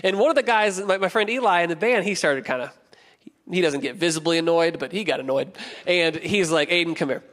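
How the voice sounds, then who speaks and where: A young man preaching a sermon as a pastor, telling stories with playful, animated asides. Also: sits high, a little fast. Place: church auditorium. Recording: long church hall reverb.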